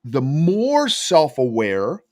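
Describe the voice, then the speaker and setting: A man's voice: medium pitch, extremely slow, dry recording, studio quality. A man who coaches emotional intelligence, telling stories emphatically in a podcast interview. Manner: emphatic, animated storytelling.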